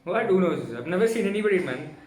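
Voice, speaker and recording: Man, from tamil nadu, wry and teasing, fairly high voice, echoey room. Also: expressive, quick pace, a little mellow. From Tamil Nadu, India. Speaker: reaction video co-host. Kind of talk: casual reaction chat.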